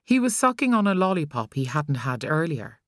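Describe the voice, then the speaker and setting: Low-voiced Irish woman narrating an audiobook. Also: very animated, normal speed, no echo, studio quality. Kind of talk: scripted narration.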